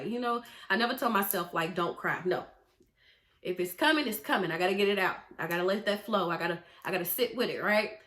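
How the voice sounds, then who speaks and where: A woman's voice: medium pitch, quick pace. Chatty young woman in a roomy space. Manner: chatty, animated, often asks "right?". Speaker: vlogger, mental health therapist. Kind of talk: casual personal vlog talk. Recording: roomy echo.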